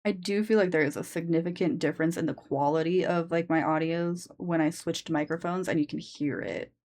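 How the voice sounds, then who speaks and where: A woman streamer chatting loosely with her viewers, her voice sitting a bit low. She rambles, circling back with fillers and restarts as she thinks aloud. Her sensitive desk mic catches her up close. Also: fairly even intonation, fairly quick, a little mellow. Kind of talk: casual live-stream chat. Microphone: sensitive desk microphone.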